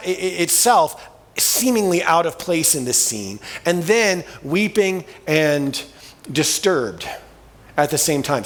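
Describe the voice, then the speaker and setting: Lively, casual male preacher in reverb. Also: fairly high pitch. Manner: casual, colloquial storytelling with vivid asides. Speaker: pastor. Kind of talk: sermon. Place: church sanctuary.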